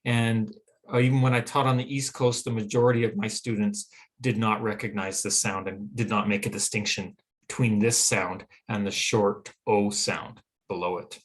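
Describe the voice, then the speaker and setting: A man with a Western American accent teaching a phonetics lesson, explaining clearly and pausing to sound out vowels. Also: lowish voice, steady tone. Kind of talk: phonetics lecture.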